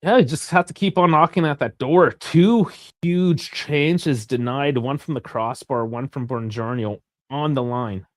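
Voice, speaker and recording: A young man hosting a live football watch-along, chatty and rambling, swearing freely and bursting into shouts at big chances. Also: medium pitch, unhurried, few pauses, no echo, clean studio sound. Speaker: live stream host.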